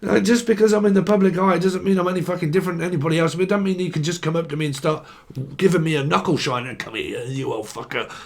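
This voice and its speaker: A young man reads tarot in a rambling, unscripted flow, swearing casually and chuckling at his own asides. His voice sits a little high for a man. It carries a strong gravelly fry throughout. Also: steady tone, rapid-fire. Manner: rambling, swears freely, laughs at own jokes. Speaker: tarot reader.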